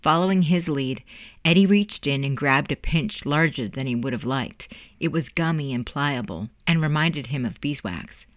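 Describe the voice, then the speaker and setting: An audiobook narrator reading scripted narration in a measured storytelling manner. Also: mid-range voice, expressive, dry recording, clean studio sound.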